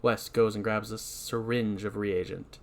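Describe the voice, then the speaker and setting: A man's voice: on the low side, steady tone, measured pace. A man hosting a podcast, recapping a horror movie in a rambling, self-deprecating way. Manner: rambling, self-deprecating, breaks into shouted line readings. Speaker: podcast host.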